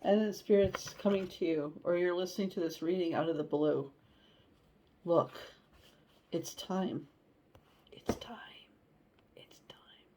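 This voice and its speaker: Mellow-voiced woman giving a chatty tarot reading. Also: fairly low pitch, a little slow, long pauses, a little hiss or hum, rough recording. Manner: chatty and animated, acts out inner voices; blunt, swears now and then. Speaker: tarot reader.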